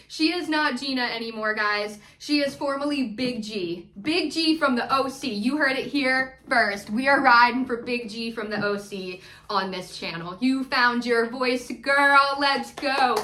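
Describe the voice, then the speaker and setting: A woman's voice: on the high side, sharp tone. A woman hosting a casual, hyped reality TV recap on her channel, chatty and playful, cheering people on. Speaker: YouTube recap host. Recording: echoey room.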